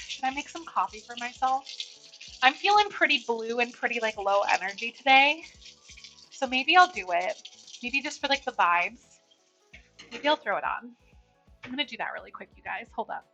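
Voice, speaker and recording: On a Twitch stream, a bubbly woman chats casually while baking in her home kitchen and greets viewers by name. Her voice is on the high side, bright and forceful, with lively intonation at a normal speed. The lo-fi stream audio sounds slightly dull, with faint music behind her.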